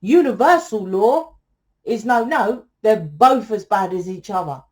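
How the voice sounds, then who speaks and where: A woman's voice: mid-range voice, animated, a little slow, a little mellow. A woman giving a casual tarot reading, blunt and lecturing, swearing freely as she talks to her viewers. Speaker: tarot reader.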